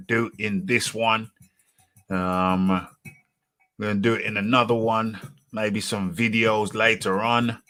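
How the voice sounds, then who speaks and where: A man's voice: fairly low pitch, pushed and bright. A man hosting a live show in a casual, teasing way, who repeats himself for emphasis and talks about himself in the third person. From United Kingdom. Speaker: host.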